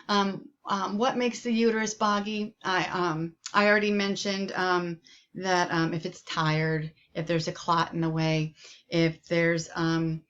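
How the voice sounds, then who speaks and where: A woman's voice: medium pitch, a bit bright, muffled recording. A woman nursing instructor giving a recorded lecture in a loose, conversational way, with frequent ums and repeated words. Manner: many ums, conversational and repetitive.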